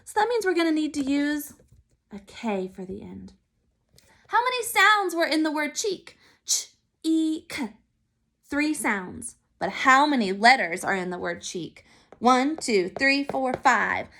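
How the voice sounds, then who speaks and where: A woman teaching a phonics lesson to young children, sounding out letters and syllables slowly and clearly. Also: sits high, very animated, bright, forceful tone. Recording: recorded for remote learning.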